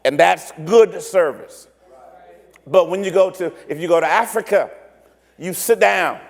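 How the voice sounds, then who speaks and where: Pastor preaching, pretty high voice, lots of restarts and acted-out bits, big hall echo. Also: male voice, measured pace, gravelly. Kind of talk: sermon. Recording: long hall reverb.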